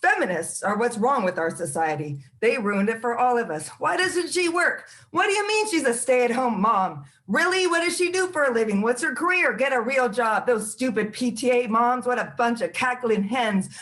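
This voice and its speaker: A woman's voice: a little high, animated, normal speed, hardly any pauses, fairly bright tone. A woman performing her spoken word poem at an open mic, in a rhythmic delivery of short phrases.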